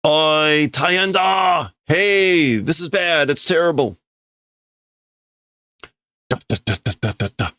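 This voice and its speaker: A man voicing an alarmed male guard who raises the alarm in an urgent, loud voice while reading manga dialogue aloud. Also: mid-range voice, slow, pauses often, dry recording, pitched above the performer's own voice.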